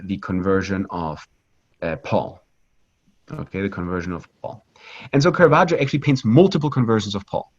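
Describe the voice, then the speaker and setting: A man with a lowish voice guides a live online art tour, chatting easily and stumbling through restarts and fillers. He keeps checking in with listeners by asking "right?" The audio sounds dull and lo-fi, like a streamed web call. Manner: lively and conversational, with frequent fillers, restarts and "right?" tags. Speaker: virtual pilgrimage tour guide.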